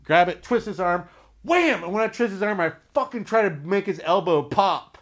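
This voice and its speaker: A tattoo shop owner telling a story in casual chat, swearing a lot and acting out quotes and sound effects. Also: male voice, high voice, a little fast. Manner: profane, animated, acts out quotes and sound effects.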